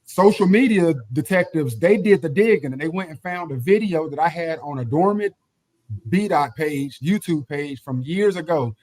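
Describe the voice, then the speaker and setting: A man guesting on a podcast, telling lively stories, swearing casually and acting out quotes loudly. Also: on the high side, normal speed. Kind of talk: casual storytelling chat.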